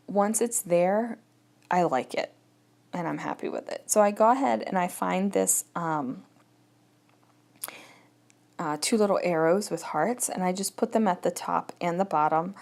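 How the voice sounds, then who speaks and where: A woman's voice: lowish voice, creaky, a little mellow. A woman giving an easygoing, chatty voice-over of her crafting project, thinking aloud as she goes. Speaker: scrapbooking vlogger. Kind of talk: casual voice-over narration.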